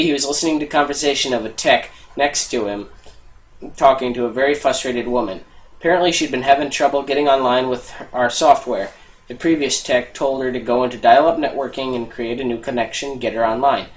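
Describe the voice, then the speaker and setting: A man co-hosting a podcast, telling tech-support jokes in an animated way and shouting the customers' lines. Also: mid-range voice, fairly quick, rough recording. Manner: animated joke-telling with loud put-on customer voices. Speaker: podcast co-host. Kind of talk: casual podcast chat, reading tech jokes aloud.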